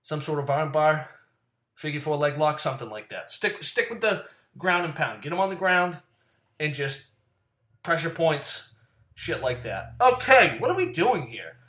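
A man casually giving his fantasy football picks in a rambling, profane rant that swings from loud and worked up to low muttering. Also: lively intonation, unhurried. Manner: profane, rambling and ranting, swears often; gets loud and worked up, then drops back to low mutters.

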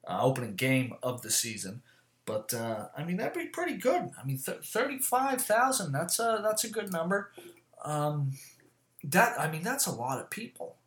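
A man chatting casually to camera, rambling and swearing often, with lots of fillers and quick self-corrections. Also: fairly high pitch, fairly bright tone. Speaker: vlogger. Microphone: camera mic. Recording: echoey room.

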